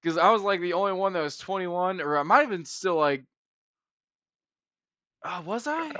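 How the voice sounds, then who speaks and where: Bright-voiced man rambling on a podcast. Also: high-pitched, lively intonation, moderate pace, dry recording, dull audio. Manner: rambling, laughing, swears a lot. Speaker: podcast co-host. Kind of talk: casual storytelling chat.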